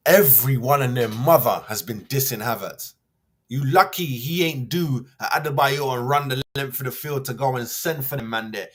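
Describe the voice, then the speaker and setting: Man, husky, rough voice, slangy, heated rant, host. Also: medium pitch, normal speed, a bit bright. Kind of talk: reading a news article then ranting about football.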